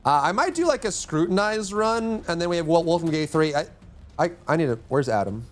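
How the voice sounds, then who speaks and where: A livestreaming gamer with a fairly high, animated voice talks fairly quickly as he plays a game live. He rambles and jokes with his teammates in casual chat.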